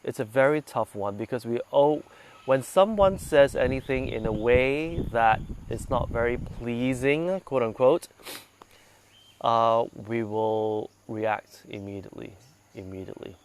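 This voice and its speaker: A man leading a meditation group, talking gently and conversationally and putting questions to his listeners, a little congested from sinus trouble. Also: medium pitch, a little slow, slight background noise. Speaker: meditation guide. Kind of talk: relaxed talk to a meditation group.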